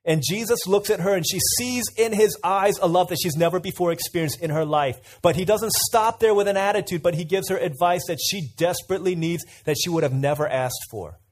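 This preacher talks to his audience like a conversation, posing questions and telling anecdotes. He has a high-sitting voice and speaks a little fast, barely pausing.

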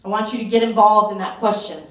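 A woman's voice: mid-range voice, fairly even intonation, fast. A woman pastor preaching a fervent, urgent sermon at a retreat, pressing her points with emphatic repetition. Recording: roomy echo, voice from a distance.

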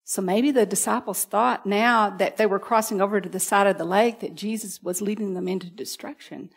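A woman's voice: mid-range voice, fairly even intonation, fairly quick, slightly rough. A woman preaching a sermon, reading scripture aloud and retelling a Bible story in an earnest, storytelling way.

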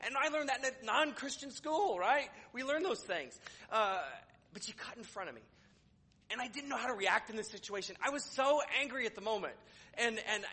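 Bright husky-voiced pastor preaching. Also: male voice, sits high. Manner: conversational with sarcastic humor, hesitant restarts. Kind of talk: sermon. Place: church.

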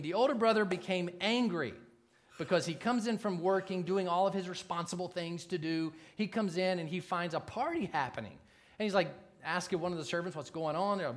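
A man preaching a sermon in a relaxed, conversational way, with jokes and frequent asides to the congregation. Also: fairly high pitch. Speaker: pastor.

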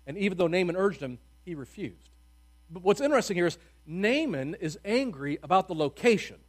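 This preacher has a high, animated voice and talks a little fast, delivering his sermon through laid-back, funny stories. His volume swings between abrupt loud emphasis and soft, hushed lulls.

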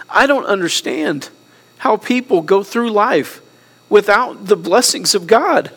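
A middle-aged male pastor preaching a sermon in a high, earnest voice. He is emotional and near tears, dropping soft and low before rising again to press a point. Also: lively intonation, a little slow. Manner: earnest, preaching with wide swings between soft and raised passages.

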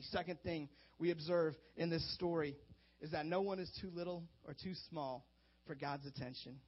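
High voiced guy preaching a sermon, animated, goes quiet then loud, dull lo-fi sound. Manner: animated, swings from hushed to loud. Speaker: pastor. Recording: dull lo-fi recording.

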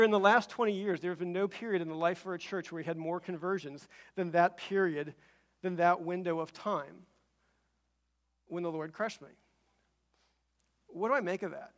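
Pastor preaching in a lightly high voice. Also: male voice. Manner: halting personal storytelling, rising to emphatic repeated phrases. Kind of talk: sermon.

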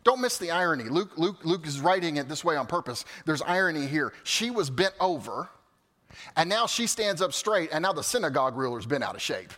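A male pastor preaching a sermon, swinging from loud exclamations to quiet, casual asides. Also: fairly high pitch, sing-song, a little fast. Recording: hall reverb.

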